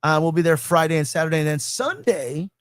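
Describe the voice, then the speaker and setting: A man hosting a casual group podcast, energetic and joking as he plugs his guests. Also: a little high, fairly quick, no room sound, studio quality. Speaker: podcast host.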